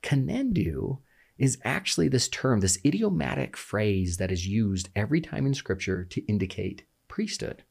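A man's voice: on the low side, big pitch swings, normal speed, creaky, darkish tone, breathy edge. A man passionately explaining the language of a scripture passage in casual conversation, often checking in with "right?". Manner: passionate, emphatic, fond of rhetorical "right?".

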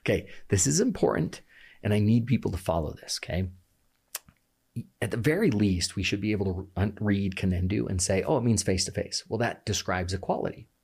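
A man with a low, gravelly and husky voice talks with passion in a relaxed conversation. His pitch swings widely as he stresses points, and he often breaks off to restart a sentence. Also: fairly quick. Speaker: guest explaining scripture. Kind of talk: animated podcast conversation.

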